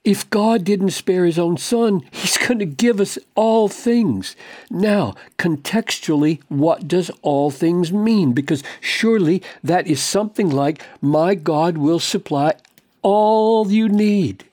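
A man teaching from the Bible in a sermon style, emphatic, posing rhetorical questions and dropping into low, quiet tones. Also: slow, dry recording.

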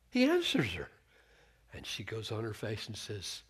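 Slow, earnest male preacher. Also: lowish voice, wildly swooping pitch, fairly bright tone, slightly rough. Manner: earnest, restarts words while thinking, acts out quoted lines. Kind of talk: sermon on a Bible passage.

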